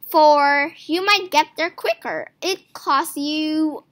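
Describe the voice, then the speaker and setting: A woman's voice: high-pitched, takes it slowly, fairly bright tone. A woman voicing a smirking, falsely helpful male innkeeper mouse in a storybook reading. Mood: sly.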